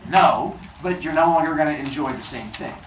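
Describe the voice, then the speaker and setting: A man's voice: fairly high pitch, brisk, echoey room, distant mic, slight background noise, poor audio. A man telling a myth to children in a comic, conversational way. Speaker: storyteller. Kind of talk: animated myth retelling to children.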